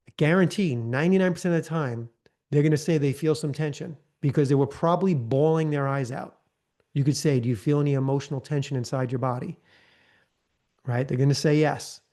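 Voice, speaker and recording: Guy running a live training, mellow low-key voice, keeps saying right?, softens up for the sample lines. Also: a little fast. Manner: conversational, often tags lines with "right?"; acts out gentle counselor prompts in a softer voice. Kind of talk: live online training talk.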